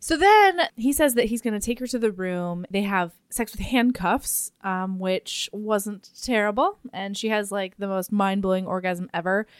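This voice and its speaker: A woman's voice: mid-range voice, moderate pace, few pauses, smooth, dry recording, studio quality. A young woman co-hosting a book podcast, chatting candidly and bluntly, swearing freely. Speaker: podcast co-host discussing a book. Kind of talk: casual chat.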